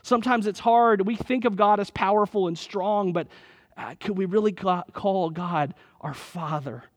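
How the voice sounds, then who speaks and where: High-voiced earnest male pastor. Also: normal speed, long reverb tail. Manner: earnest, conversational, repeats phrases. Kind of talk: sermon.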